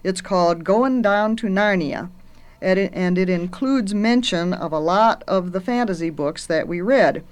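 A woman's voice: fairly low pitch, unhurried, a little mellow. A middle-aged woman who teaches at a university, talking earnestly about books and storytelling.

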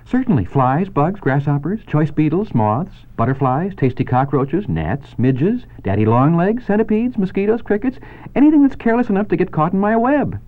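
A man reading aloud and voicing a calm female spider with a thin, pleasant voice, over a tinny phone-like line. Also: on the high side, moderate pace, pitched above the performer's own voice. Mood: matter-of-fact.

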